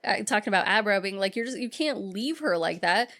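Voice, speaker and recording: Female co-host, casual recap chat, animated quoting of scenes, average pitch. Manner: retells scenes in quick acted-out quotes, swears casually. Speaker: podcast co-host.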